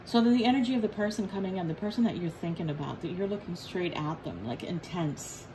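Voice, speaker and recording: A woman's voice: lowish voice, animated, fast talker, few pauses, warm tone, a little hiss or hum, rough recording. A woman giving a casual tarot reading, blunt and profane, joking and teasing as she talks. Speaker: tarot reader.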